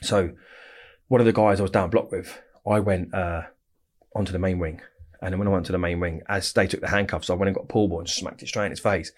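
A man's voice: low-pitched, steady tone, fast talker. A man, bluntly telling his story in a casual interview, swearing often and rambling. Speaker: interview guest.

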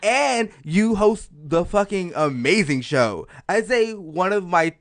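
A young man hosts a chatty podcast with breathless, gushing excitement. His voice sits a touch high for a man and is recorded dry and close, with no room sound. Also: slow pace, no room sound. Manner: excitable, gushing, swears and laughs often. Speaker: podcast host. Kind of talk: casual chat.

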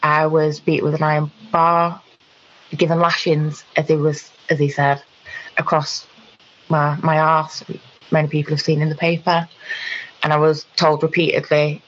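A woman recounting a personal experience in conversation, halting, with frequent ums and restarts. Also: sits low, flat delivery, highs cut off. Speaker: guest.

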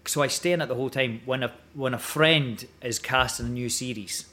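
A man's voice: medium pitch, a little fast, bright, forceful tone. A Scottish man in his forties, a guest actor talking casually, rambling with many restarts and hesitations. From Scotland. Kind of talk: casual chat.

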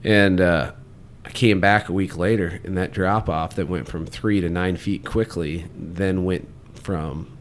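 Deep-voiced man in laid-back chat. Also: a little hiss or hum. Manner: relaxed, chatty, quick bursts with laughter. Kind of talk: casual podcast chat.

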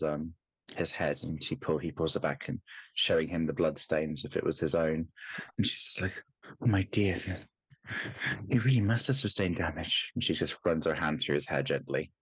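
A man's voice: very deep voice, slightly rough, dry recording, poor audio. A man playing a tabletop game, hesitantly describing what his character does. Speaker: player.

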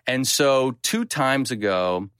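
A man's voice: mid-range voice, animated, takes it slowly, fairly bright tone, smooth, no echo, clean studio sound. Man in his fifties telling rambling stories. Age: 50s. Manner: rambling, self-deprecating, with frequent restarts. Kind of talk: casual storytelling chat.

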